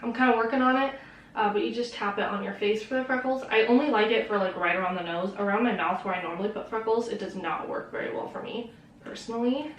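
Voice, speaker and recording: A woman's voice: on the high side, quick pace, a little hiss or hum. A young woman chatting casually through a makeup tutorial, rambling and laughing often. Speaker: beauty vlogger. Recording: roomy echo, mic at a distance.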